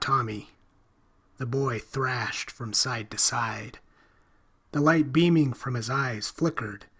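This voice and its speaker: A man reading a horror story aloud in a slow, hushed, drawn-out way. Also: mid-range voice, slightly rough. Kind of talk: scripted horror narration.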